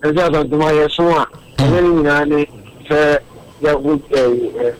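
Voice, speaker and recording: A man's voice: a little high, steady tone, normal speed, low-quality recording. Earnest man explaining on radio. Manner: earnest, explanatory, with repeated words. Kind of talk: radio discussion.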